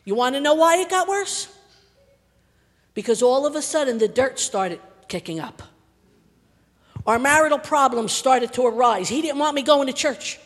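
An older woman preaching a sermon with passion, repeating words for emphasis and swinging from loud to hushed. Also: high voice, expressive, moderate pace, pauses often. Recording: long reverb of a large hall.

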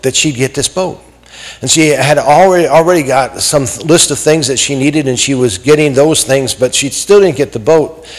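A man preaching a sermon, telling a story with lively acted-out quotes and some fillers. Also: on the high side, in a large hall, poor audio.

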